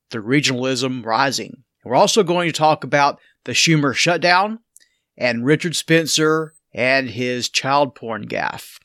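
A man hosting a podcast who opens with an announcer-style welcome and a brisk rundown. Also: mid-range voice, fairly bright tone, no room sound, clean studio sound. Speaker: podcast host. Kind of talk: podcast opening.

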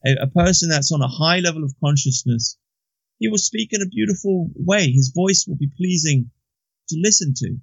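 A gravelly-voiced man from Britain talks through his thoughts in a relaxed conversation. He is reflective and halting, often circling back to restart a phrase. The recording is dull and lo-fi, close and dry. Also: a little high, no echo. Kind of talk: casual conversation.

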